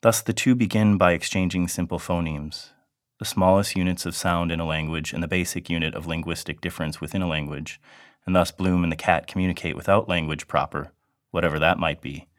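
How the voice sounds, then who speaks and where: A man reading an academic lecture in a measured, deliberate way. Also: sits low, steady tone, no room sound, clean studio sound.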